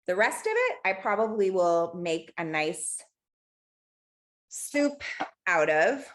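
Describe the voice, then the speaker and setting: A woman's voice: on the low side, a bit bright. A woman teaching an online cooking class, telling stories and mixing in Spanish words as she cooks. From Los Angeles. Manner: chatty storyteller, mixes in Spanish words. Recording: echoey room.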